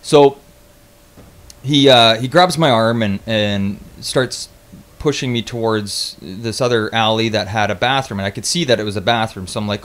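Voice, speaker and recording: A young man casually telling a travel story on his vlog, animated and swearing freely, with lots of restarts. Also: fairly low pitch, moderate pace.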